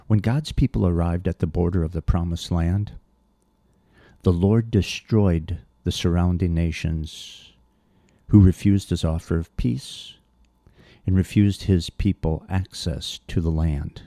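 A preacher works through a sermon verse by verse, reading scripture and then pressing his points bluntly and earnestly. His low voice is dark, relaxed and gravelly, at a measured pace, recorded close and dry with no room sound.

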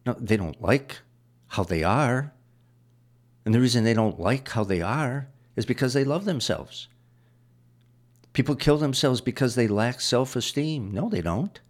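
In an expressive, mid-range voice and at a measured pace, a man delivers a sermon that explains verses one line at a time, using repetition to press each point.

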